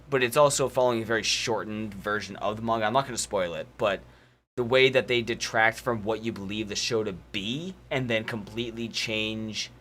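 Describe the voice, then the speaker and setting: A man hosting a casual podcast chat, talking in animated, rambling opinions and swearing freely. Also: fairly low pitch. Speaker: podcast host.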